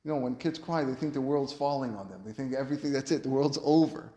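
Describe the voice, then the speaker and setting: Earnest rabbi preaching in an echoey room. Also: male voice, mid-range voice, quick pace, warm tone. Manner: earnest, rhetorical, storytelling. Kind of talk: sermon-style Torah lesson with storytelling. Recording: roomy echo.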